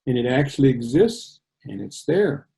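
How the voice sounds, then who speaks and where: A man's voice: medium pitch, sing-song, moderate pace, creaky, mellow. A man reading aloud the lines of a cheerful middle-aged father in a storybook reading over a video call.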